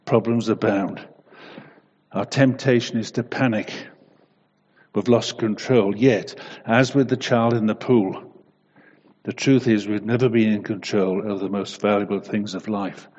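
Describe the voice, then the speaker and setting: Low-voiced preacher in an echoey hall. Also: male voice, steady tone, unhurried, slightly rough, highs cut off. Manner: gentle storytelling, soft prayer. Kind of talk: devotional talk and prayer.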